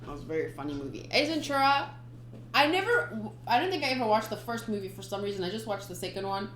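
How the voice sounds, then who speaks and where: A woman's voice: fairly high pitch, very animated, fast, fairly bright tone, echoey room, a little hiss or hum. A woman giving playful, chatty commentary in a casual manga readthrough, adding her own sound effects. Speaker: manga reader, channel host.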